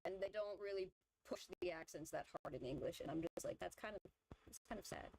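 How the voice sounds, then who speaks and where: A woman's voice: lowish voice, brisk, gravelly, darkish tone, slight background noise, low-quality recording. Chatty woman rambling her opinions. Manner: rambling, filler-heavy opinion talk. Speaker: vtuber streamer. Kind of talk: casual chat while drawing.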